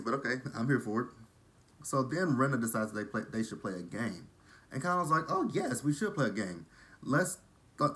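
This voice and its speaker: A man's voice: on the low side, a bit bright. A man from Texas with a southern drawl, gossiping casually as he recaps a reality show. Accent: Texan. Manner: chatty, gossipy, shady asides.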